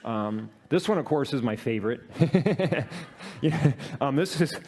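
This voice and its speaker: A man giving a talk to an audience, telling a personal work story in a halting way with many fillers and self-deprecating laughs. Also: mid-range voice, animated, darkish tone, husky.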